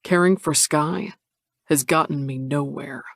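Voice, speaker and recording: Gravelly man narrating an audiobook. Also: fairly high pitch, no room sound, studio quality. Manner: measured, introspective. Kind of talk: first-person scripted narration.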